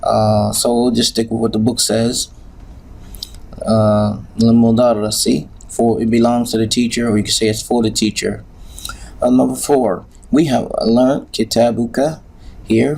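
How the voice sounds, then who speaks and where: A man with a gravelly voice explains grammar at an unhurried, patient pace. He hesitates often and fills gaps with small sounds. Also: mid-range voice, level tone, darkish tone. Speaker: Arabic teacher. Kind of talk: recorded grammar lesson.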